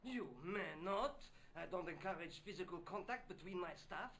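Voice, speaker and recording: An actor playing a haughty, rule-bound hospital doctor in a video game. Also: male voice, sits high, normal speed, fairly bright tone. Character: stern, haughty hospital doctor, male, middle-aged.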